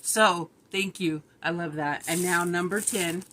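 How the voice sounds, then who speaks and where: A woman's voice: lowish voice, measured pace, a bit bright, a little hiss or hum. A middle-aged woman, chatting casually and rambling a little on her vlog while sounding tired and run down. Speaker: vlogger.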